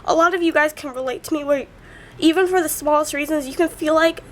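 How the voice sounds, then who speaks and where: In a personal vlog, a young woman tearfully recounts family hurt, breaking into sobs as she speaks. Her voice is high and fast, and she leans heavily on fillers, especially "like."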